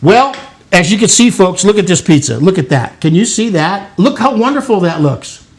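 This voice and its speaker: Older man hosting a lively cooking show. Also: high-pitched, moderate pace. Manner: encouraging, playful, coaxing children. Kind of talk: casual cooking demonstration with kids.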